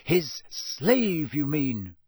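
A man's voice: on the high side, very animated, drawn-out words, a little mellow, slightly rough, no room sound, clean studio sound, exaggerated voice. A man voicing a passionate, indignant teenage girl who argues about fairness.

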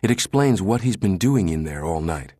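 A man voicing a pushy, fierce middle-aged woman analyst, talking in an insistent, sharp, clipped way. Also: low-pitched, animated, normal speed, no room sound, clean studio sound.

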